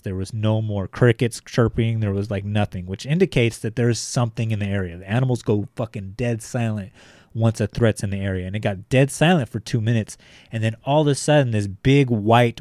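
A man's voice: fairly low pitch, a little mellow, no echo. A man co-hosting a podcast, telling stories in a loose, profane way full of fillers. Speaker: podcast co-host. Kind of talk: casual storytelling.

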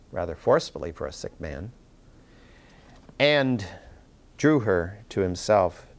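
A man teaching verse by verse through a Bible passage, explaining earnestly and reading Scripture aloud with emphasis, often pausing to correct himself. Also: fairly high pitch. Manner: self-correcting, with restarts and fillers.

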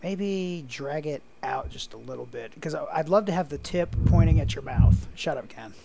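A man's voice: a little high, expressive, moderate pace, creaky, warm tone, slight background noise. A man hosting a casual podcast, joking around and laughing often. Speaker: podcast host.

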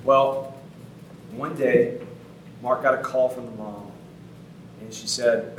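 Pastor, male, 30s, casual earnest sermon storyteller, mid-pitched, echoey room, off-mic with faint noise. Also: steady tone, slow, long pauses. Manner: conversational, casual fillers, earnest. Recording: roomy sound from a distant mic.

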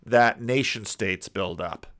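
A man preaching a sermon, explaining a parable and acting out its characters with animated, rising outbursts. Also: on the low side, takes it slowly.

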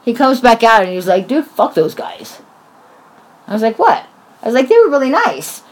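A woman's voice: on the high side, normal speed. A woman in her forties telling a story in casual chat, swearing often and acting out what people said. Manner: animated, swears often, acts out quoted voices.

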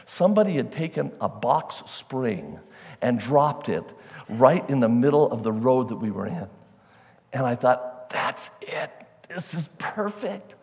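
A male pastor telling a lively personal story in a conversational sermon style. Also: medium pitch, a little slow. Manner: animated, conversational, self-deprecating. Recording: long hall reverb.

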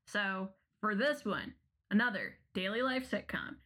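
A woman co-hosting a podcast in casual chat, asking curious follow-up questions and then pitching a show. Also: measured pace, bright, forceful tone. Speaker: podcast co-host.

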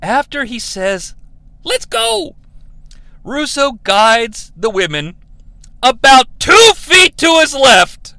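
A man hosting a podcast, giving a jokey, animated comedic recap of a wrestling broadcast. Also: very high voice, no echo. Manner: animated, jokey, laughs at his own asides. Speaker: podcast host.

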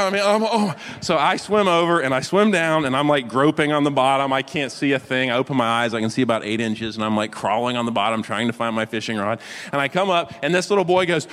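A man's voice: medium pitch, quick pace, fairly bright tone. A pastor in his forties telling a self-deprecating story during a sermon, asking his listeners questions along the way. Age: 40s. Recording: long hall reverb.

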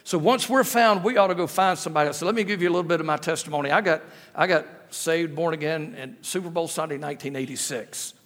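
Talking fast with few pauses, a middle-aged guest preacher delivers a sermon in a slightly high, fairly bright voice. He tells funny stories and repeats phrases as rhetorical questions, and the church sanctuary's echoey hall adds a long reverb.

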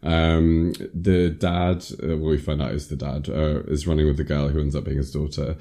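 Casual podcast host, rambling plot recap, deep and dark tone. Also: male voice, little pitch movement, moderate pace. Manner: rambling, many ums and likes, laughs at himself. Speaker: podcast host reviewing a film. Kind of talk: casual film recap chat.

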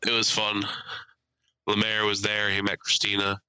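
A man's voice: lowish voice, monotone, normal speed, pushed and bright, clear, resonant tone, no room sound, low-quality recording. A young man co-hosting a casual podcast, telling stories with crude jokes and putting on voices. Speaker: podcast co-host. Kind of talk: casual chat.

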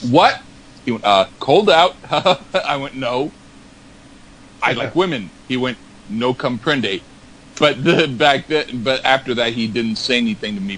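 A man's voice: on the low side, fairly bright tone, a little hiss or hum, rough recording. A man in casual chat, rambling through anecdotes with stammered repeats and acted-out quotes.

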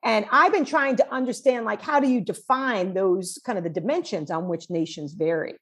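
This woman from New York, a cross-cultural psychologist, speaks at a moderate pace in a medium-pitched, slightly rough voice. It's a conversational interview, and she chats animatedly, telling stories with fillers.

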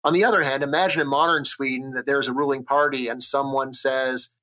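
A man from the United States, an economist, explaining ideas in an energetic, argumentative interview style, often checking in with "right?". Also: mid-range voice, brisk, hardly any pauses. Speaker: economist guest. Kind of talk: conversational interview.

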